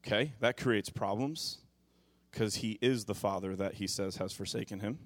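A man preaching a sermon as pastor, moving from quiet, musing passages to loud, impassioned bursts. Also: lowish voice, moderate pace, dry recording, clean studio sound.

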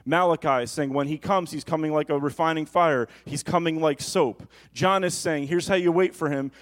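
Pastor preaching a sermon, fairly high voice, jumps from loud emphasis to jokey asides. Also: male voice. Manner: preaching with sudden loud rises and joking asides.

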